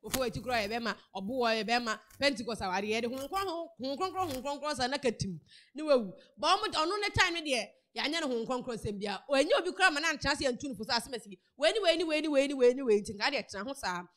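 A woman's voice: high voice, very fast. A woman with a Ghanaian accent giving casual, chatty celebrity news commentary, retelling a story with lots of repetition. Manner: chatty, animated storytelling with repeated words. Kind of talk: casual news commentary mixing Twi and English.

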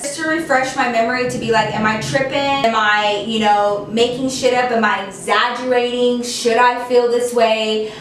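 A young woman casually telling a storytime, chatty and animated, with lots of "like" fillers. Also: fairly high pitch, moderate pace, slight background noise. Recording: echoey room, voice a bit distant from mic.

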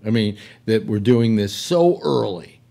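A man's voice: on the low side, expressive, measured pace, gravelly, warm tone. An older man hosting a casual chat, rambling with many restarts. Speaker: talk show host.

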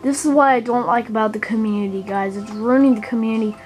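A gaming channel host speaks in a highish, steady, somewhat dark voice while commenting on gameplay. Her delivery is halting and earnest, and she repeats words a lot when complaining.

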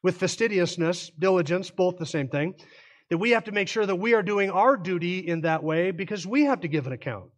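High-voiced man preaching a sermon. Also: expressive, brisk. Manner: earnest, self-correcting preacher who explains terms. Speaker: pastor. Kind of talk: expository sermon.

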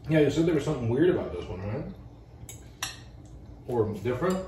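A man's voice: medium pitch, big pitch swings, a little fast, warm tone, far from the mic, slight background noise. Playful man in an echoey room. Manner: joking, playful. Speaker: partner of the host. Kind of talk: casual chat.

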